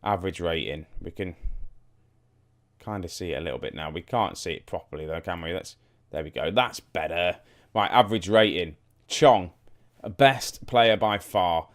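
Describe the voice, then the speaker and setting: Deep-voiced man chatting over a game. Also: brisk. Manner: chatty, thinking aloud, addresses viewers. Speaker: gaming YouTuber. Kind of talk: casual let's-play commentary.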